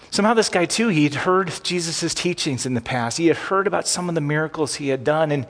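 A man's voice: fairly high pitch, in a large hall. A man pastor preaching a conversational sermon, with restarts, acting out cries and prayers as he tells a story.

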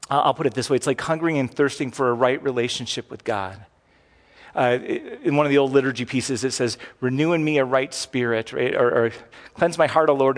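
A middle-aged man preaching a sermon as pastor, talking conversationally with frequent asides and restarts. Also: medium pitch. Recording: long hall reverb.

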